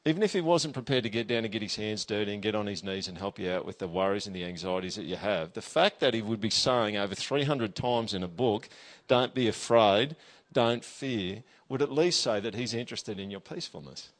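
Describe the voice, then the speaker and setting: A pastor giving a sermon, reading scripture aloud with emphasis and talking to the listener in a conversational way with frequent tag questions. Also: male voice, lowish voice, brisk.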